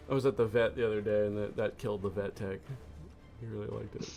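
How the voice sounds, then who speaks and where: A low-voiced man talks casually over a multiplayer strategy game, rambling into long jokes and cracking up at his own punchlines. Faint game music plays underneath his voice. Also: flat delivery, quick pace, creaky, a little mellow. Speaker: gamer.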